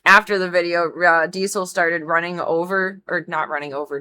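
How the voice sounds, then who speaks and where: A woman's voice: fairly low pitch, normal speed, few pauses, pushed and bright, clear, resonant tone. A young woman streamer chatting casually while drawing, rambling and giggling with lots of fillers.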